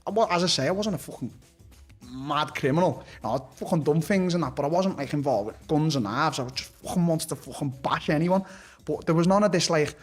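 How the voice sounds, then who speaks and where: A man's voice: fairly high pitch, fairly quick, husky, faint music behind. A man with a Liverpool accent, a fighter and podcast guest, telling his story bluntly, swearing constantly and restarting sentences. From Liverpool, England. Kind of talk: candid personal storytelling.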